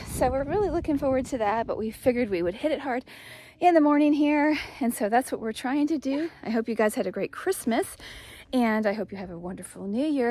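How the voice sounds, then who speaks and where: In a warm, slightly high voice, a middle-aged East Tennessee woman chats her way through a homestead vlog as she walks outdoors. She's out of breath yet upbeat, chatty and rambling.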